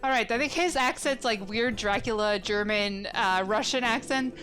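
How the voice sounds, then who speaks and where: A woman's voice: on the high side, moderate pace, a bit bright, faint music behind. A young woman hosting a let's play, chatty and rambling, her throat a bit gunky. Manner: chatty and rambling, self-correcting. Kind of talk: casual gameplay commentary.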